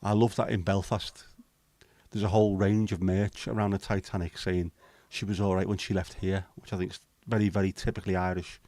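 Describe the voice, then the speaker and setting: A man's voice: deep voice, little pitch movement, fairly quick, mellow, no echo. A man, hosting a casual livestream chat, bantering with viewers and swearing casually. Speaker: livestream host.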